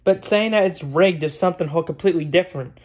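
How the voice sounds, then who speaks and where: A man's voice: fairly high pitch, fast talker. A man talks straight to his audience in a loose, rambling rant. He is blunt and opinionated, circles back to the same points, and swears freely along the way. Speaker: vlogger. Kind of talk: casual rant to camera.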